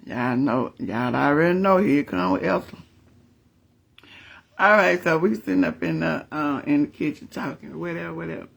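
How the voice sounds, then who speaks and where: High, creaky-voiced man. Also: normal speed. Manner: animated, chatty, laughs often, calls on the Lord. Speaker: vlogger. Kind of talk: casual storytelling to viewers.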